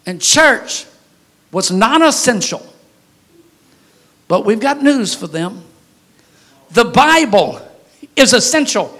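A man preaching a sermon as pastor, folksy and humorous, breaking into sudden loud shouts. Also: extremely high pitch, very animated, slow pace, pauses often.

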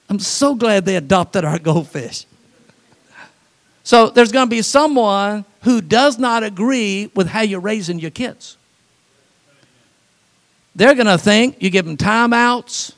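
A man preaching a sermon, telling folksy, humorous stories and laughing at them, swinging from animated to quiet and soft for emphasis. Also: high voice, very slow, long pauses. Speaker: pastor.

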